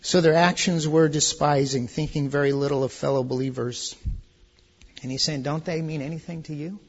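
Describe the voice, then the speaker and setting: A man preaching a conversational verse-by-verse sermon, dropping soft and low, then rising to loud, high exclamations. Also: steady tone, normal speed, breathy edge, muffled recording. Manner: conversational, with restarts and asides. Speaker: pastor. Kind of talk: expository sermon.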